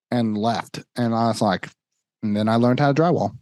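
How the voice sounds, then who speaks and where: A man's voice: medium pitch, brisk, no echo. A young man co-hosting a podcast, telling a long story in casual chat and acting out what people said. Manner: animated storytelling, acts out quotes. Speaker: podcast co-host.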